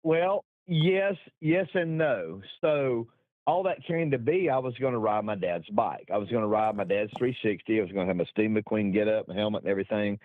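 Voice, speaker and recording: A fairly low-pitched voice at a moderate pace belongs to a middle-aged guest recounting a long racing story. He rambles casually, salty and self-deprecating, often laughing at himself. The sound is dry with no echo, thin like a phone line.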